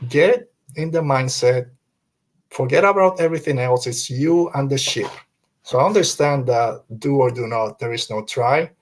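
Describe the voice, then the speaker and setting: A man's voice: medium pitch, normal speed, a little hiss or hum. A man hosting a fan podcast, talking earnestly and emphatically, quoting film lines and repeating himself to drive a point home. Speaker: podcast host.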